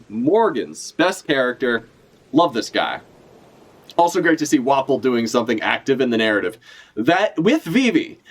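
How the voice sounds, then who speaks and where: A man giving casual live reaction commentary as a streamer, animated and profane, laughing often as he talks. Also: a little high. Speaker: streamer reacting to a manga chapter.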